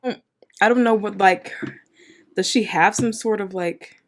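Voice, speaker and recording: A woman's voice: mid-range voice, unhurried. Emotional, exclamatory woman reacting. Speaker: reaction video host. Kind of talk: casual reaction commentary.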